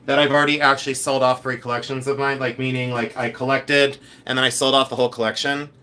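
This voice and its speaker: A man's voice: mid-range voice, fast. A man hosting a live stream, chatting casually and campily about his jewelry collection and answering viewers' comments. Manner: chatty, campy, animated, talks to viewers' comments. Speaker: podcast host and jewelry collector.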